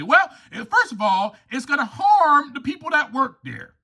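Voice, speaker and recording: A man hosting a recovery podcast, delivering an impassioned, preachy monologue that rises to near-shouts. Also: extremely high pitch, very animated, moderate pace, few pauses. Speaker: podcast host.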